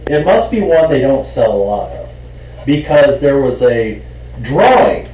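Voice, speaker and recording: A man co-hosting a podcast, telling a story in casual chat with halting restarts that pick up when he's amused. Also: medium pitch, darkish tone, roomy sound, far from the mic, muffled recording, slight background noise. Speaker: podcast co-host.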